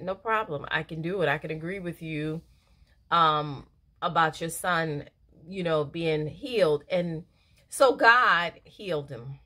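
Middle-aged woman, bright lowish voice, earnest devotional talk, casual and emotional. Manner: earnest, emotional, laughs easily, many fillers. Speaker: devotional speaker. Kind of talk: casual devotional reading and reflection.

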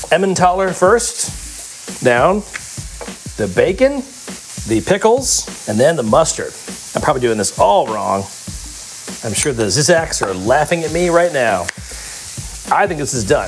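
A man hosting a cooking show, chatting excitedly, laughing and swearing as he works. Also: fairly high pitch. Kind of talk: casual cooking demonstration. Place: kitchen studio.

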